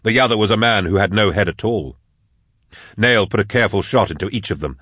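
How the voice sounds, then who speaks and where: A man narrating an audiobook in a measured, steady read, close on a studio mic. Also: fairly low pitch, husky, no room sound. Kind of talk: scripted narration.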